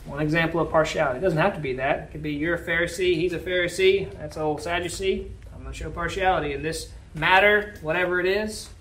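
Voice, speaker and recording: A man's voice: a little high, steady tone, quick pace, hardly any pauses, fairly bright tone, a little hiss or hum. A man leading a Bible study, reading scripture aloud and then explaining it in plain, casual words.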